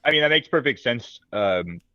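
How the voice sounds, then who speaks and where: A man in a casual podcast discussion, talking in an animated way with fillers and quick laughs. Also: mid-range voice, no echo, muffled recording. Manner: animated, laughs easily, thinks aloud with fillers.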